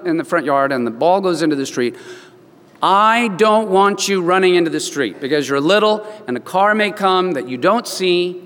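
A pastor with a fairly high, slightly bright voice preaches a sermon, telling stories and acting out the voices of the people in them as he quotes them. A long reverb tail trails his words.

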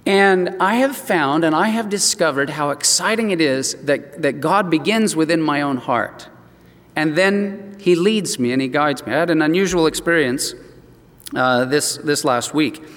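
A man's voice: fairly high pitch, a little slow, a bit bright. A man preaching a sermon as pastor, telling a personal story in an earnest way with frequent restarts. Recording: long reverb from a hall.

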